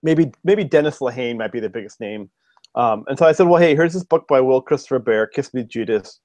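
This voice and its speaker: A man's voice: medium pitch, fairly quick, a little mellow, no room sound. A man, a fiction writer, chatting as a podcast guest, telling stories with lots of ums and restarts. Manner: rambling, with frequent ums and restarts. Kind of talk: casual storytelling chat.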